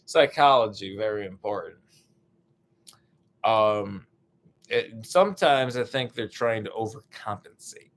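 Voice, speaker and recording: A young American man doing a rambling, profane stand-up bit, full of fillers and restarts, now and then bursting into loud put-on voices. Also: on the low side, animated, a little slow, long pauses. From United States. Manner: meandering, profane, lots of fillers, sudden shouted bits. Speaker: stand-up comedian.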